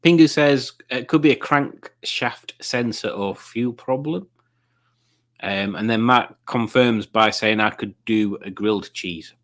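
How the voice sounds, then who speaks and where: A man's voice: mid-range voice, unhurried. A man hosting a casual live-stream quiz night, reading viewer comments aloud in a jokey, rambling way. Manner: jokey, rambling, chuckling at puns.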